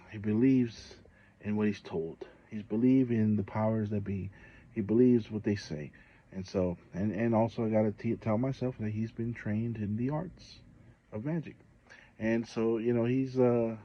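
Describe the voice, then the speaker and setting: A man's voice: on the low side, highs cut off. A man, a parent, talking to his viewers in a casual vlog monologue, telling a story with exasperated, indignant emphasis. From Samoa. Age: adult parent. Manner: frequent fillers and restarts, conversational. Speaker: channel host.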